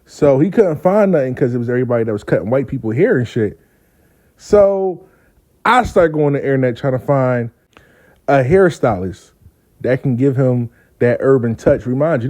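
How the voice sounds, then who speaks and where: A man hosting his own show, telling a story in a casual, profane, animated way and acting out the people he quotes. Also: mid-range voice, normal speed. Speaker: host.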